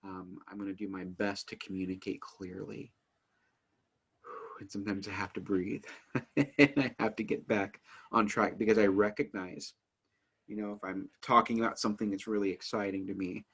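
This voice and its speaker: A man who teaches family life, talking casually to the camera in an earnest, eager way while working to keep his pace slow and calm. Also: fairly low pitch, slightly rough. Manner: earnest, eager, works at speaking slowly and calmly; frequent fillers and restarts as energy rises. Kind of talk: casual instructional talk to camera.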